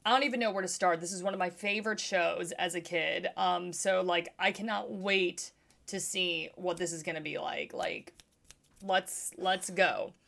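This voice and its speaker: A woman in her thirties hosting a trailer reaction video, gushing and excited, with lots of fillers. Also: lowish voice, moderate pace, gravelly. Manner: gushing, fangirling, lots of likes and ums.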